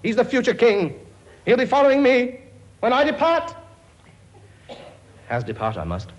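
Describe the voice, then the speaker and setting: A man's voice: very high-pitched, huge pitch swings, moderate pace, noisy background, full character voice. A man playing a bossy, boastful comic king in a sitcom, blustering and scolding in a chummy way. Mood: brusque. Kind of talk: sitcom acting before a laughing audience.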